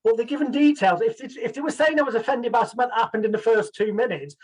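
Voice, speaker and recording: Brief: high-pitched male host, chatty and meandering. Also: fast talker, poor audio. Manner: rambling, chatty questions. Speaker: podcast host. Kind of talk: casual interview chat.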